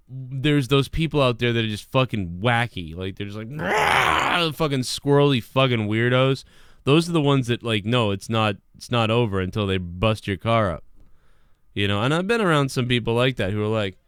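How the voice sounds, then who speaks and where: A man's voice: medium pitch, clear, resonant tone, no room sound, clean studio sound. A young man hosting a live stream, talking casually in a rambling way with lots of swearing and restarts.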